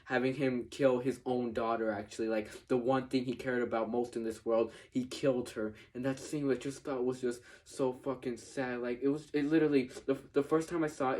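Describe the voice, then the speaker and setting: A man's voice: medium pitch, darkish tone. A man giving a casual spoken movie review, talking in a hesitant, rambling way with lots of restarts and the odd swear word.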